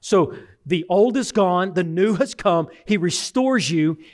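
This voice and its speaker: A preaching man, swinging loud to hushed. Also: high voice, lively intonation, measured pace. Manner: conversational, tells personal stories. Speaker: pastor. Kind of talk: sermon.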